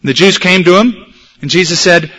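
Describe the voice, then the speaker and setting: A man preaching a sermon, stressing key words slowly and acting out quoted dialogue. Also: sits high, sharp tone. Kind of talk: sermon teaching on evangelism.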